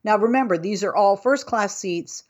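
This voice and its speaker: A woman's voice: mid-range voice, moderate pace, a little mellow, lo-fi sound. A middle-aged woman hosting a talk show, telling a travel story in a chatty way and building into an exasperated rant. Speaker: host. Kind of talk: casual commentary monologue.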